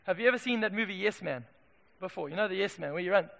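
A man preaches in a church with a high, gravelly voice. His delivery lurches from loud emphatic declarations to hushed asides. His voice rings with a bright edge and carries long hall reverb. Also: expressive, quick pace. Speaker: pastor. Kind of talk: sermon.

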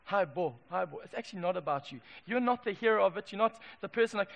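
High-voiced, gravelly preacher. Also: male voice, expressive, fast talker, hardly any pauses. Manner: emphatic, swings from loud declarations to quiet asides. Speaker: pastor. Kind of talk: sermon. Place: church. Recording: long hall reverb.

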